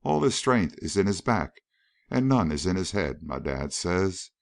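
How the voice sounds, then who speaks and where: A man's voice: sits low, sing-song, a little slow, gravelly, full character voice. A man voicing a blunt, curious frontier girl who talks in a folksy backwoods drawl.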